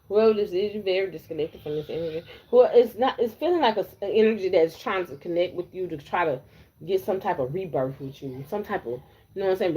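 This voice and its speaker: A woman's voice: on the low side, dark tone, a little hiss or hum. A woman giving a blunt, repetitive live tarot reading, talking straight to her viewers. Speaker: tarot reader.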